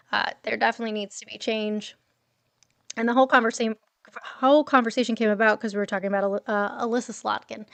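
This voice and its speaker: A woman's voice: mid-range voice, fairly bright tone, smooth, no room sound. A woman hosting a casual morning livestream from home, chatting with viewers and reading their messages aloud, laughing often. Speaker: livestream host.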